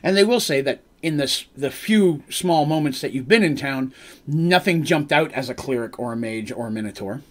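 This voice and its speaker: A man's voice: mid-range voice, lively intonation, moderate pace. A man narrating a tabletop game as its game master on a live stream, rambling with casual asides and correcting himself as he goes.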